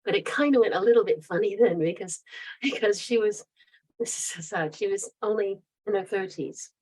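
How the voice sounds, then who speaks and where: This low-quality recording captures a woman in her fifties speaking at a moderate pace, her medium-pitched voice somewhat dark in tone. Her accent is mid-Atlantic, sitting between American and British. Appearing as a guest author in a casual interview, she tells rambling, chatty stories and laughs often.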